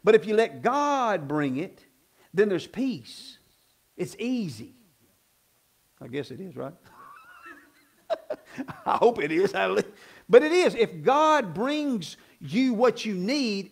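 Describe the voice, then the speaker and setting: Pastor, male, high voice, folksy sermon delivery that swings into loud emphatic preaching. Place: church sanctuary.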